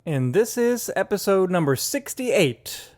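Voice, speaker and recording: A man co-hosting a casual podcast, chatty and quick to laugh at his own jokes. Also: sits high, big pitch swings, a little mellow. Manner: chatty, laughs often, self-deprecating jokes. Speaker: podcast co-host. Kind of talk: casual chat.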